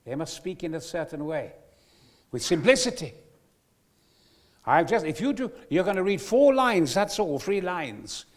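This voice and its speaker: Man playing a hot-tempered film director, roaring, high strained shouts, swinging pitch, slow stretched words. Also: very animated. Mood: furious. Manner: yells explosively, slow heavy emphasis. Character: volatile male film director, bellowing, threatening.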